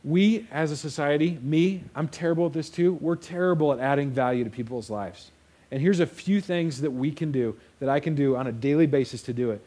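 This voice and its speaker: A man's voice: fairly high pitch, brisk, warm tone. A young man preaching a sermon in a casual storytelling way, acting out the quotes. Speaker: pastor.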